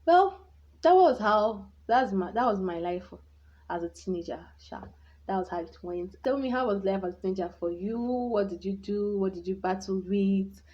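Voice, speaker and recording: A young woman shares her teenage memories to camera in a candid, rambling way, often restarting her sentences. Her voice is soft and mellow at a middle pitch, and the recording sounds dull and lo-fi. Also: lively intonation, moderate pace. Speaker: vlogger. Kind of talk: personal storytelling vlog.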